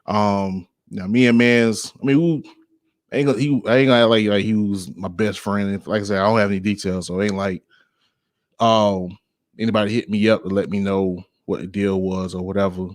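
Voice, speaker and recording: Man, podcast host, casual slangy monologue, lots of fillers, lowish voice, dry sound. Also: fairly even intonation, a little fast, no echo. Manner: laid-back, rambling, slangy, with frequent filler phrases.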